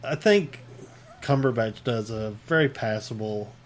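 A man's voice: mid-range voice, measured pace, slight background noise. A man from Ohio chatting casually about movies and actors' accents, loose and talkative with lots of filler words.

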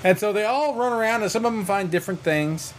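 A man casually retelling a comic book story on a podcast, animated and quick to slip into character voices. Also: high voice, slight background noise. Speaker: podcast co-host.

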